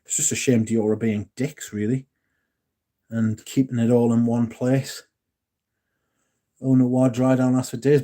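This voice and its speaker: English bloke chatting on his stream, mellow low voice, rambles, restarts a lot, swears casually. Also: level tone, measured pace, pauses often. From England. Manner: rambling, self-correcting, jokey and profane. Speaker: livestream host. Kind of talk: casual livestream chat, reading out chat comments.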